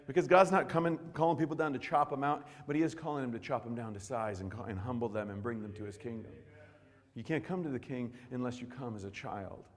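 Man, pastor, sermon, fervent, swings from soft to shouting, reverberant church. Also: mid-range voice, quick pace.

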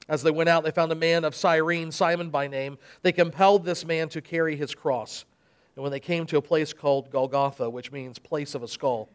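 A man preaching in a church service, reading scripture dramatically and then explaining it. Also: fairly high pitch. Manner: dramatic reading with emphatic quoted speech.

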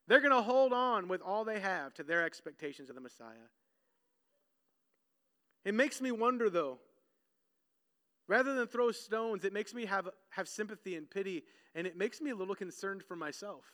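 Male pastor, very high and bright voice, animated sermon delivery, reverberant hall sound. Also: normal speed, long pauses. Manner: animated preaching, acts out voices of the crowd.

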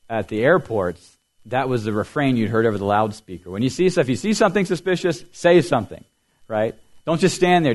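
A middle-aged man pastor preaching a sermon, explaining things clearly and quizzing the children with riddles. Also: mid-range voice, a little mellow.

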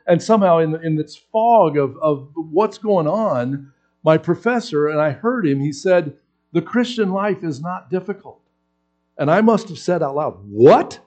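A man preaching a sermon, telling a personal story with acted-out quotes and lively swings in voice. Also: a little high. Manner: animated storyteller acting out quotes. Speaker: pastor.

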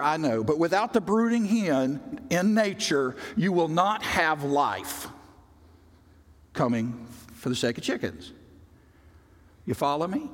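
Emphatic preacher in a reverberant hall. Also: male voice, a little high. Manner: emphatic, swings between loud bursts and quiet drawn-out words. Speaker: pastor. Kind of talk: sermon. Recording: long reverb of a large hall.

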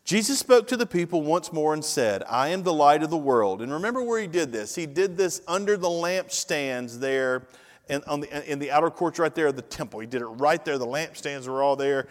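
A man preaching a sermon, reading scripture aloud slowly with emphasis and prompting listeners to finish the lines. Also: fairly high pitch, expressive. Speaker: pastor. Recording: long hall reverb.

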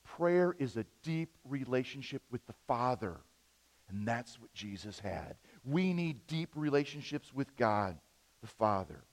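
Animated preacher in an echoing hall. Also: male voice, mid-range voice, a little slow. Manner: animated storytelling, big swings in loudness. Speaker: pastor. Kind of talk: sermon.

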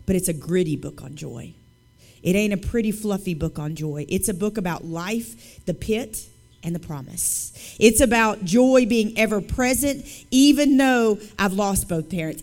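A woman speaking at a church service, telling her testimony as an author and guest speaker in a lively, conversational, emphatic storytelling way. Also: mid-range voice.

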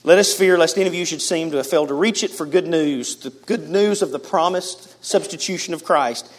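Man preaching with dramatic swings. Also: brisk. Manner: animated preaching, big swings in pitch and loudness; addresses the congregation casually as guys. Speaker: pastor. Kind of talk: sermon.

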